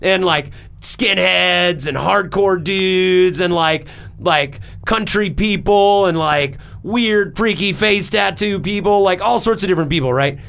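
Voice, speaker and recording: A man's voice: sits high, a little slow, vocal fry, fairly bright tone, smooth. A man hosting a podcast in casual chat, talking in a rambling, emphatic way with lots of fillers and swearing. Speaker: podcast host.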